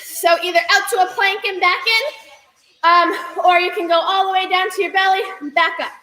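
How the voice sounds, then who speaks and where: A woman's voice: very high voice, fairly even intonation, normal speed, sharp tone. A young woman coaching an online gymnastics class, upbeat and cheering, laughing often and out of breath from the workout. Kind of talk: online fitness class instruction. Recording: echoey room with music behind.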